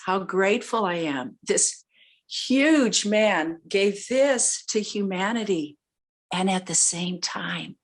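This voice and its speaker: A woman giving a heartfelt memorial tribute, teary and halting, pausing often as she searches for words. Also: mid-range voice, animated. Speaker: student speaking at a memorial.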